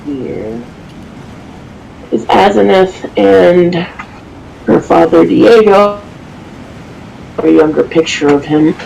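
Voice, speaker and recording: Slow, gravelly dungeon master, laughing often. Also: medium pitch, expressive, darkish tone, a little hiss or hum, rough recording. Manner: laughs often, halting with many ums. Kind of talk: casual setup talk before a tabletop game.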